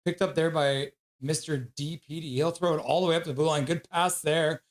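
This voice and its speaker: A man calling a hockey game on a live stream and reading chat messages aloud with excited shouts. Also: fairly high pitch, brisk. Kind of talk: casual live-stream commentary.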